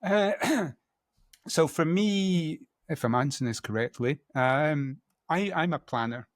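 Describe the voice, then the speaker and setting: A man's voice: fairly high pitch, slow pace, no room sound, clean studio sound. A middle-aged man from Scotland, a photographer as guest, talking casually and often correcting himself with a laugh. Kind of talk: casual interview chat.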